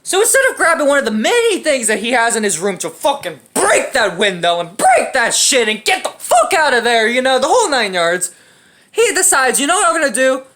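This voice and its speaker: A woman's voice: on the high side, very animated, normal speed, fairly bright tone. A young woman in a casual comedic movie rant, profane and sarcastic. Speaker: movie reviewer.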